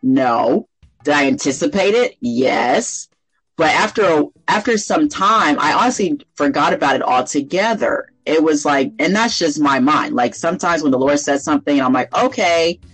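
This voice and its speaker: A woman co-hosting a faith podcast, telling a personal story in casual chat and acting out the dialogue with lively laughter. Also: deep voice, normal speed, breathy edge, faint music behind, low-quality recording. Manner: animated storyteller who acts out quoted dialogue and laughs often. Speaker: podcast co-host.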